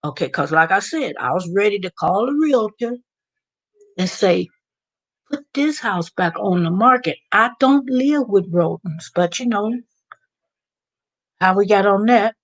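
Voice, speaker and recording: An American woman hosting a live stream, chatting and telling stories with animated asides. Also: medium pitch, measured pace, pauses often. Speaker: vlog host. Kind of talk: live stream casual chat.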